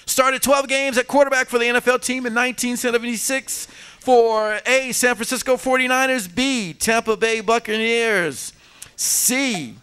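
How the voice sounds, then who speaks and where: A man hosting a live trivia quiz in a restaurant, reading out answer choices slowly and bantering with the audience. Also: very high-pitched, fairly even intonation, sharp tone, smooth. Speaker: trivia show host. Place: restaurant event.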